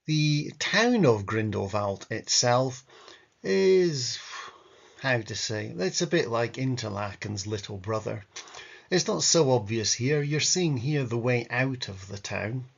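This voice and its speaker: Male travel vlogger, mid-pitched and gravelly, wry and rambling, dull lo-fi audio. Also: expressive, measured pace. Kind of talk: casual travel commentary over photos.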